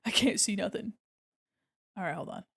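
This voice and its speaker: A woman's voice: mid-range voice, normal speed, vocal fry, slightly rough. A woman streamer chatting casually to her viewers while she draws, talking herself through each step with silly jokes and bursts of laughter. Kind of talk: casual chat while drawing on a livestream.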